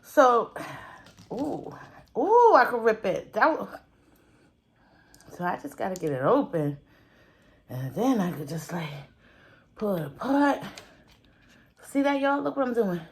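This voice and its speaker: A woman's voice: on the high side, very animated, slow, long pauses. A woman food vlogger chatting casually to her viewers while she cooks in a home kitchen, breaking off into muttered asides as she works. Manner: chatty, talks straight to viewers. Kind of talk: casual cooking and eating vlog.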